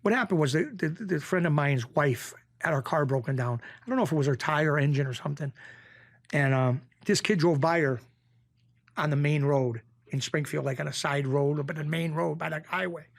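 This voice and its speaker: A man's voice: a little fast, vocal fry. A middle-aged man with a Western Massachusetts accent tells stories in a casual interview. He often acts out other people's lines in a raised voice. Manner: animated, acts out quoted voices in a raised pitch. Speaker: interview guest, former bookmaker.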